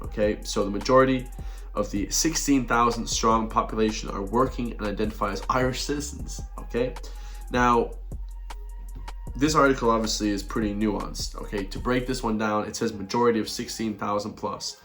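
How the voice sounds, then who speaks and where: A man's voice: on the low side, fairly even intonation, moderate pace, fairly bright tone, faint music behind. A man doing a blunt, repetitive rant in a video commentary, chuckling between his points. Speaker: online commentator.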